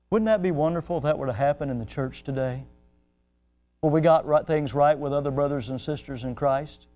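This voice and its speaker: A male pastor preaching a sermon, swelling in pitch and volume as he acts out the people he quotes. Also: darkish tone.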